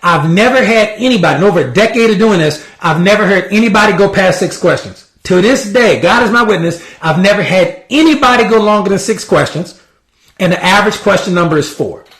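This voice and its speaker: A man's voice: high voice, expressive, brisk, fairly bright tone, reverberant. A man giving casual sales coaching, acting out sample conversations with prospects. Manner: casual, repetitive, acts out sample dialogue. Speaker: sales trainer. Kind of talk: motivational sales coaching talk.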